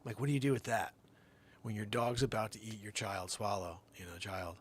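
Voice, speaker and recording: A man hosting a comedy show, telling a rambling tall tale that swings from shouts to mutters. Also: on the low side, brisk, slightly rough. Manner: animated storytelling, swinging between shouts and mutters. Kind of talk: rambling comic monologue.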